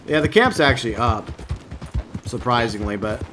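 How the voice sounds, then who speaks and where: A man's voice: medium pitch, lively intonation, normal speed, noisy background. A man live-streaming a game, rambling casually and answering his viewers by name. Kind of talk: casual gameplay stream commentary.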